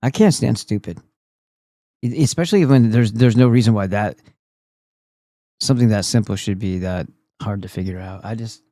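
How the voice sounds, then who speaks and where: A male streamer talks over clips in loose, profane commentary that keeps stalling and restarting. His voice sits at an ordinary middle pitch. The sound is dry and close, with no room around it. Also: darkish tone, no room sound. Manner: rambling, halting with restarts.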